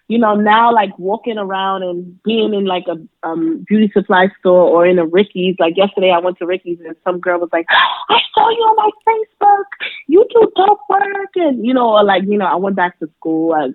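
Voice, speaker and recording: A young adult woman, a makeup artist, chatting casually in an interview, full of fillers and lively quoted voices. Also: mid-range voice, normal speed, dry recording. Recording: dry tinny phone-like sound.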